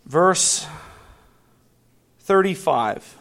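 A high-pitched man delivers a sermon at a deliberate, measured pace. He reads scripture slowly, then lifts his voice into fervent, emphatic appeals. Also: expressive, a bit bright. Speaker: preacher.

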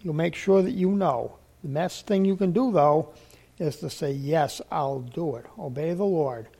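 A man with a high, gravelly voice preaches a folksy sermon. His tone is mellow and unhurried, and he tells homespun stories, repeating key lines and slowing down to hammer them home. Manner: homespun, repetitive, slows for emphasis.

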